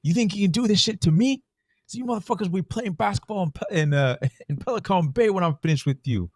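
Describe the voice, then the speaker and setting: A man's voice: high voice, animated, fast, no echo, clean studio sound, voice pushed up. A man putting on the voice of a menacing, swaggering corrupt veteran cop who makes profane threats.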